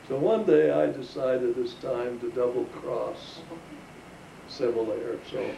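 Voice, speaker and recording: An older man with a gravelly, mellow, mid-range voice chuckles through a folksy story from his own life for family gathered in the living room. The home recording sounds roomy, with a distant mic and faint hiss.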